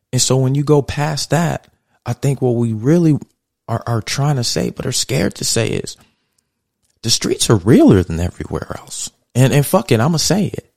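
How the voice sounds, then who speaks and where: A creaky, medium-pitched male voice, recorded clean in a studio with no echo, carries this casual podcast commentary. The host speaks bluntly and profanely in a conversational way, heating up and getting louder.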